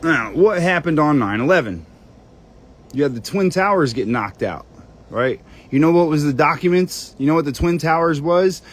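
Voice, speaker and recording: With a fairly high voice and lively intonation, this channel host rambles at a moderate pace while combing through documents on screen. He mutters to himself and curses quietly throughout the screen-share monologue.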